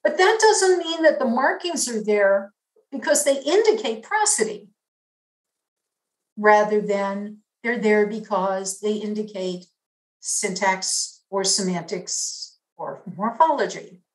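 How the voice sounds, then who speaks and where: A woman with a New York accent giving an academic lecture in a measured, explanatory way, stressing key terms. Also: mid-range voice, lively intonation, echoey room, low-quality recording.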